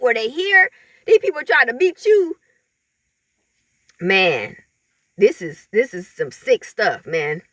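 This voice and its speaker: A woman vents in a casual monologue, her voice high and bright. She laughs freely and acts out other people in mocking voices. The sound is close and dry, with no room around it. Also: no echo. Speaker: vlogger.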